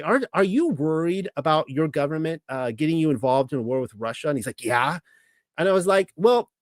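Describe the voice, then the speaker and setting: A man with a Californian accent, talking in a casual monologue as the host, rambling and halting with many restarts and fillers. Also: a little high, no room sound.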